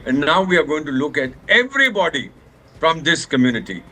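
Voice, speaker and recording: A man with an Indian accent argues on a televised news debate, his voice bright and forceful. He is heated and emphatic, pressing each point hard and deferring to the anchor with a repeated "sir". He sounds like a former diplomat who has stopped being polite. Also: fairly high pitch, sing-song, fairly quick. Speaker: former ambassador, studio guest. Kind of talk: impassioned TV debate commentary.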